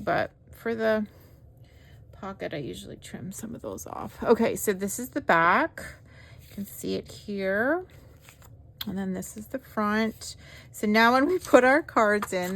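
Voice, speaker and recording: A woman hosting a craft video, talking slowly and softly as she walks through her project with gentle enthusiasm. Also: mid-range voice, vocal fry. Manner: slow, soft-spoken, gently enthusiastic. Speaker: craft channel host. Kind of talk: craft-along narration.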